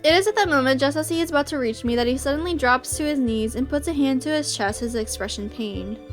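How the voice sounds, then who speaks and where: High-voiced woman reading a visual novel. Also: fast talker, soft background music. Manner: emotional, bursts into excited reactions.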